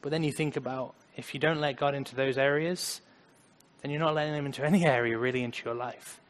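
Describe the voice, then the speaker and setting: A man's voice: mid-range voice, fairly even intonation, quick pace. Earnest preacher, man, hall reverb. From United States. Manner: earnest, conversational, shifting between loud emphasis and soft murmurs. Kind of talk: sermon.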